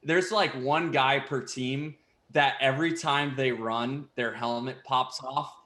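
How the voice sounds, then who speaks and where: A man's voice: medium pitch, fairly even intonation, slow, pushed and bright. A young man, a pro baseball player, chatting casually as a guest with frequent laughs and fillers. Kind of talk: casual interview chat. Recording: echoey room.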